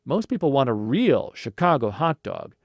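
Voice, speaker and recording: Man voicing a gruff, growly street vendor, stubborn, raised pitch, swings up and down, dry close sound. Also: big pitch swings, moderate pace, dry recording. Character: gruff middle-aged male hot dog vendor, stubborn.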